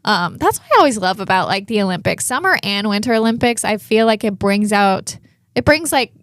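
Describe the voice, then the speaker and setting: A woman's voice: mid-range voice, lively intonation, a little fast, a bit bright, dry recording. A young woman co-hosting a morning TV show in a studio, chatting in an upbeat, filler-heavy way. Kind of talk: casual chat.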